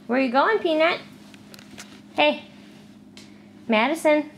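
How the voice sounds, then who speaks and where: A woman's voice: sits high, expressive, takes it slowly, gravelly, slight background noise. A woman filming her baby at home, talking to her in playful sing-song baby talk. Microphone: handheld home camera.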